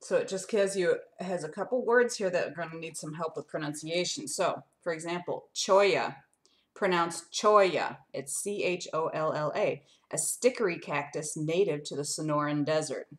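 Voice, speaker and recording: A woman reads a picture book aloud to children in a lowish voice. She is animated and sing-song, with big upward swings, and keeps turning to her young listeners to ask them things. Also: moderate pace, few pauses. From lives in Arizona desert.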